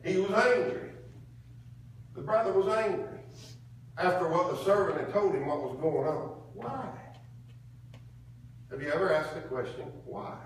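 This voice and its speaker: A man's voice: high voice, a little hiss or hum. A man preaching a sermon in a folksy, colloquial way, drawing call-and-response from the congregation. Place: church sanctuary. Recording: echoey room from far off.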